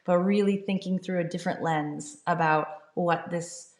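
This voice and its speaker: A woman's voice: fairly low pitch, fairly even intonation, moderate pace. A middle-aged woman, a startup founder, talking earnestly and upbeat as an interview guest. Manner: earnest, upbeat, fluent with fillers. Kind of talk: conversational interview. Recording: echoey room.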